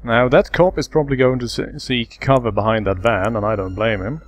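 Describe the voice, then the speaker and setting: A man hosting a let's play, calmly explaining game mechanics step by step in casual commentary. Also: mid-range voice, fairly quick.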